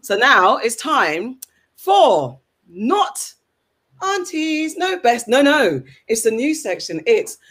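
Lively, laughing woman co-host. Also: a little high, takes it slowly. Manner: laughing, playful, bouncy delivery. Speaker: podcast co-host. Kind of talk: casual podcast chat.

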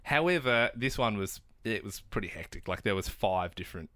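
Animated bright-voiced man. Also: fairly low pitch, fairly quick, no echo. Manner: animated, acts out quotes, laughs often. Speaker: podcast co-host. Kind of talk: casual storytelling chat.

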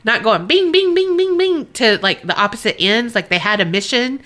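A woman co-hosting a podcast, reading a listener's story aloud and then chatting casually, animated and laughing often. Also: fairly high pitch, moderate pace. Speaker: podcast co-host.

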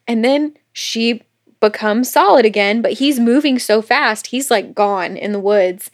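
A woman co-hosting a podcast, retelling a novel's plot in a casual chat with quick quoted asides, swearing and laughter. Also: on the high side. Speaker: podcast co-host. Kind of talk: casual book recap chat.

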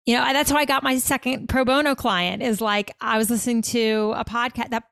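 Gravelly-voiced woman in casual chat. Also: fairly high pitch, fairly bright tone, no echo, clean studio sound. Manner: effusive, quick storytelling with many "like"s. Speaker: podcast co-host.

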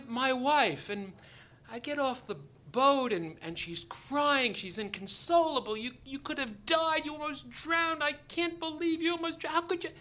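A man's voice: a little high, a little hiss or hum. A man telling a true story to an audience, joking and acting out the people in it. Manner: animated, joking, acts out the voices of the people in the story. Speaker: doctor telling a personal story. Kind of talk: live storytelling.

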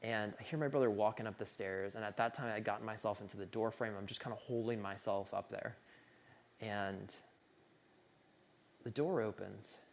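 A man's voice: fairly low pitch, creaky, a little hiss or hum. A young man telling a personal story in an earnest, conversational way, full of casual fillers and speaking of his own grief with feeling.

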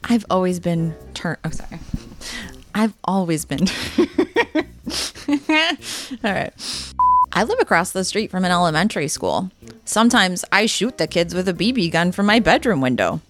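A woman's voice: on the low side, expressive, moderate pace, long pauses, a bit bright, soft background music. Giggly woman in podcast banter. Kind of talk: casual comedic chat.

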